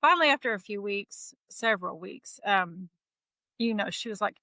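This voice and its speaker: Bright-voiced middle-aged woman telling her story. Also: medium pitch, normal speed, dry recording, poor audio. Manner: lively retelling that acts out quoted dialogue. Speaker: interview guest. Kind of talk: casual conversational storytelling.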